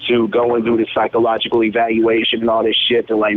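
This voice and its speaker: A man's voice: fairly low pitch, monotone, fast, few pauses. A man in his twenties, a rapper, telling stories casually in laid-back street slang, peppered with profanity and "man". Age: 20s. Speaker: rapper, interview guest. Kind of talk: casual storytelling. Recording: tinny phone-like line.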